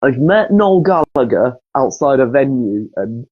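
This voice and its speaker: Laid-back man, husky and dull-sounding. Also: medium pitch, sing-song, unhurried, no room sound. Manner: storytelling, swears freely. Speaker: guest. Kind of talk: casual podcast chat.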